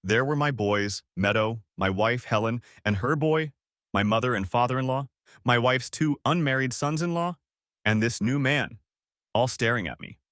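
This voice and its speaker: A man narrating a first-person story as an audiobook, in an expressive storytelling way. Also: medium pitch, moderate pace, no room sound, studio quality.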